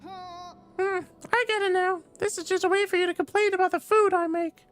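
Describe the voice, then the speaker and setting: A man's voice: extremely high pitch, flat delivery, moderate pace, a bit bright, soft background music, pitched above the performer's own voice. A man voicing a small, cheerful childlike alien boy who cooks, talking eagerly and curiously. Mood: chirpy.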